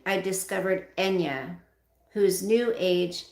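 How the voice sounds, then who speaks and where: A woman reads a memoir aloud to her stream viewers, expressive and direct. Her voice is mid-pitched with a gravelly fry. The room around her is echoey. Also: measured pace. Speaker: livestream host reading a memoir aloud. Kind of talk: reading a memoir aloud with casual asides.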